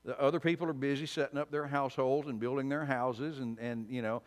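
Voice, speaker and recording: A preacher putting on a sarcastic biblical leader. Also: male voice, mid-range voice, fairly quick, close to an everyday voice. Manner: mock-flattering, sarcastic. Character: sarcastic male biblical leader mocking his people. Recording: long church reverb.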